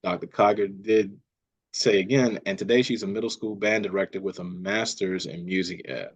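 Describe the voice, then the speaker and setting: A man with a gruff, lowish voice reads out audience comments. He is hesitant and pokes fun at himself as he stumbles over names. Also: fairly even intonation, normal speed. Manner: self-deprecating, hesitant. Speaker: moderator reading chat. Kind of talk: reading comments aloud.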